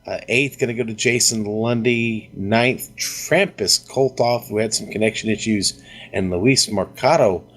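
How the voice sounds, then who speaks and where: A man's voice: on the low side, measured pace, a bit bright. A man co-commentating a sim racing broadcast, casually reading out finishing positions. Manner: casual, uses fillers. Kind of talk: reading race results.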